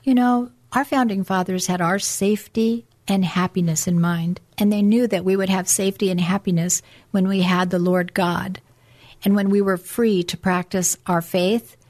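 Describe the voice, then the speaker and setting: A woman's voice: mid-range voice, steady tone, normal speed, darkish tone. Earnest middle-aged woman preaching. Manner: earnest, preachy, reads documents aloud. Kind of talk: religious political talk show.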